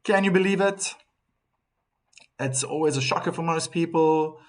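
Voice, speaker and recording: A man's voice: fairly high pitch, normal speed. A man from Africa, hosting a live tennis stream and chatting casually with viewers, reading their comments aloud with frequent restarts. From South Africa.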